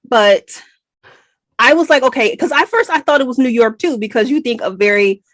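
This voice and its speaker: An American woman co-hosting a book podcast, talking in a chatty, animated, digressive way. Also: on the high side, moderate pace, no echo. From United States. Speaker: podcast co-host. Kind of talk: casual book review chat.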